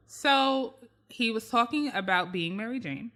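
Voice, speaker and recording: A woman's voice: a little high, a little slow. A woman co-hosting a podcast, chatting casually and emphatically about pop-culture news. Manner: animated, emphatic, repeats phrases for emphasis. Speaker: podcast co-host.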